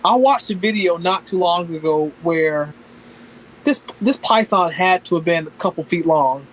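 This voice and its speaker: A man from Northeast Florida, a podcast guest telling stories in a relaxed, casual way with lots of fillers. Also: sits high, unhurried, a little hiss or hum, poor audio. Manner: relaxed storytelling with many fillers. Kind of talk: casual conversation.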